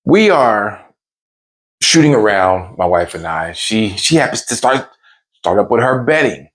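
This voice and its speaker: A man's voice: fairly low pitch, measured pace. A man telling a funny personal story, acting out the voices in it. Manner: animated, acts out the voices in his stories.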